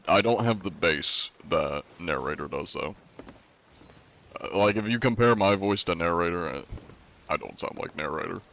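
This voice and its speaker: A man with a very deep, low voice talks casually to his live-stream chat. He rambles through wry, joking answers and banters with his viewers. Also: fairly bright tone. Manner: says he is often compared to a deep-voiced narrator.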